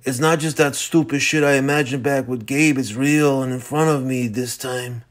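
A rough young street fighter, cursing hard but rattled to his core, as a man voices him in a gritty audiobook reading. His talk is blunt and profane, close to the reader's own everyday voice. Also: mid-range voice, steady tone, normal speed, close to an everyday voice. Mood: frightened. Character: tough young city brawler, scared and defiant.

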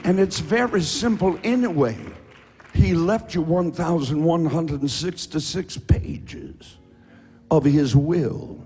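A man pastor preaching a sermon, building to sung, shouted cadences with repeated rhetorical questions, in a church with music behind. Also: on the high side, slow pace, breathy edge. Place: church sanctuary.

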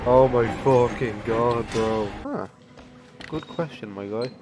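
A man doing let's play commentary on a horror game, excitable and swearing, yelping when startled. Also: medium pitch, slow. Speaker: gaming YouTuber. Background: game music.

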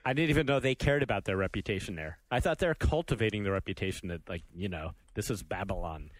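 A man's voice: lowish voice, fast, no room sound. A man hosting a gaming podcast, reacting with sarcastic disbelief. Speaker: podcast host. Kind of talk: casual podcast chat.

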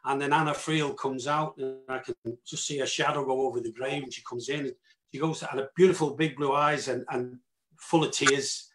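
A man, an actor guest, telling backstage anecdotes in a lively way and acting out his own cries and reactions. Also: medium pitch, fairly quick, soft background music. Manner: animated storyteller, acts out his own reactions with loud cries. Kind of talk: anecdotal reunion chat.

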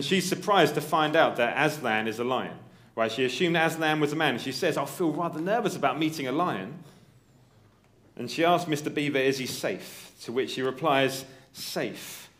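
Male preacher, mid-pitched, conversational church delivery that keeps checking in with the room. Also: fairly bright tone. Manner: conversational, checks in with "right?" and "okay?"; reads story passages aloud in character voices. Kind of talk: sermon.

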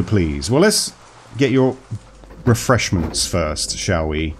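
A man's voice: fairly low pitch, expressive, normal speed, slight background noise. Playful man narrating a game. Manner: chatty, playful, talks to game characters. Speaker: gaming video host. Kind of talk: let's play commentary.

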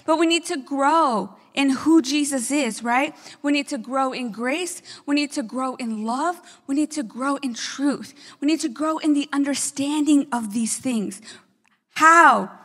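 High-voiced woman pastor preaching, reverberant hall. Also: a little slow. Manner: energetic preaching with frequent "right?" asides. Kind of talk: sermon.

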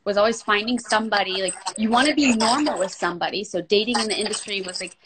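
A woman in her thirties chatting at home on a live video call, talkative and quick to laugh. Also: mid-range voice. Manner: chatty and laughing, breaks off to talk to her small children. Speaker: guest on a livestream chat. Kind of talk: casual video-call chat. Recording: noisy video-call audio.

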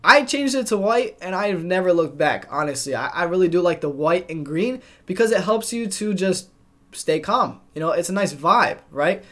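A man's voice: high voice, lively intonation, normal speed. A young man directly coaching viewers on trading discipline, talking to the camera in a plain, instructive way. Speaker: trading educator. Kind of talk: scripted narration.

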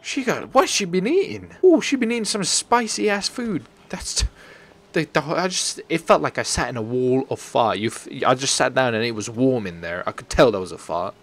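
A man's voice: mid-range voice, lively intonation, moderate pace, fairly bright tone. A man giving comedic let's-play commentary as a gaming video host, joking crudely, swearing freely and chatting to the game's characters. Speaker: gaming YouTuber.

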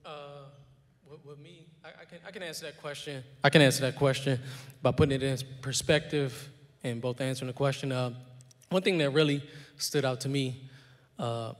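Man, panel guest, candid, reflective, repeats himself, mid-pitched, echoing church hall. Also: normal speed. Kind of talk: personal testimony in a panel. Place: church sanctuary. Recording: long hall reverb.

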